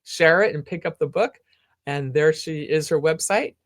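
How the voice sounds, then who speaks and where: A woman's voice: low voice, moderate pace. Woman hosting a live-streamed interview. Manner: greets viewers by name, asks the guest questions. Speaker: talk show host.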